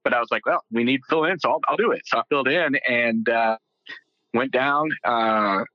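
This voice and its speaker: A man's voice: mid-range voice, fairly quick, dry recording, muffled recording. A middle-aged man from Texas, a guest telling his story casually, rambling with fillers and joking.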